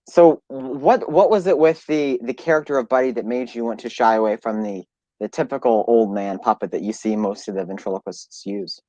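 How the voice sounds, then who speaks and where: A man's voice: mid-range voice, moderate pace, mellow, dry recording, dull audio. A young man hosting an interview who asks eager, enthusiastic questions. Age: young adult. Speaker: interview host. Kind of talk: casual interview chat.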